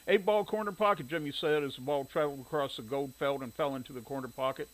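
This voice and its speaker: A man reading a story aloud in steady audiobook narration. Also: medium pitch, fast, poor audio.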